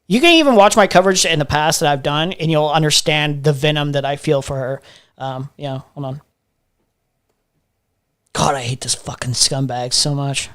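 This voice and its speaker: American man with a highish voice hosting a stream. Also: normal speed, fairly bright tone, clear, resonant tone. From United States. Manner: profane, laughing, repeats himself. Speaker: livestream host. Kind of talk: casual reaction stream commentary.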